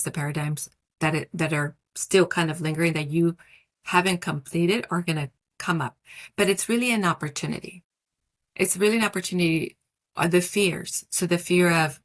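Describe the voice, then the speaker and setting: Soft-spoken woman coach, low voice. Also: fairly even intonation. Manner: soft, slow, affirming cadence with repetition. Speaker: wellness coach, podcast guest. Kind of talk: guided reflection and coaching talk.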